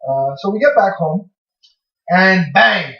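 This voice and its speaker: Young male co-host, slightly high voice, loose swearing storyteller; dull lo-fi sound, distant from the mic. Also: animated, slow pace, gravelly, pushed and bright. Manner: rambling, swears freely, acts out his own past lines. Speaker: podcast co-host. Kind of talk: casual storytelling. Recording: echoey room, far from mic, dull lo-fi.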